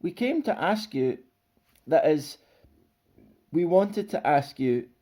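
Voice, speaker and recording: Storybook: man doing small squeaky creature, high and bouncy. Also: sing-song, takes it slowly, warm tone, exaggerated voice. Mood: hesitant. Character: small eager male creature named Basil.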